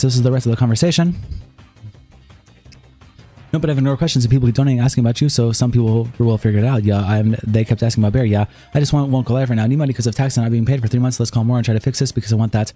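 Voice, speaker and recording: A man's voice: medium pitch, dark tone. A man streaming, reading a written statement and its text messages aloud straight through, with sighs between passages.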